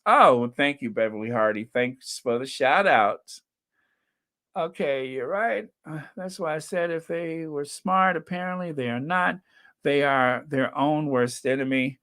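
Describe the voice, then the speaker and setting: A man's voice: mid-range voice, a little slow, fairly bright tone. A man hosting a casual live-stream chat, chatty, reading out viewer names and comments and laughing often. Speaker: channel host.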